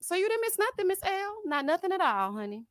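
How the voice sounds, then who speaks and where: A woman's voice: extremely high pitch, fairly quick, no echo, studio quality. A woman hosting a live stream, chatting casually and sassily with her viewers, calling them honey and laughing at her own jokes. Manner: sassy and expressive, addressing viewers as honey and y'all. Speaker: host of a live reality-TV review stream.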